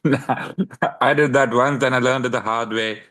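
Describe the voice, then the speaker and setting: A man's voice: medium pitch, fairly even intonation, normal speed, pushed and bright. A man on a team video call, casual and laughing along as he chimes in.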